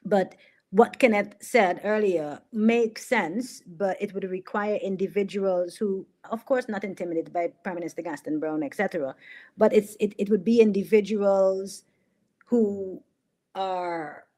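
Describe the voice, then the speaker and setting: On her political commentary livestream, a middle-aged woman speaks in a mid-range, dark-toned voice at a measured pace. Sarcasm and mockery color everything; she repeats herself for emphasis and chuckles at her own jokes.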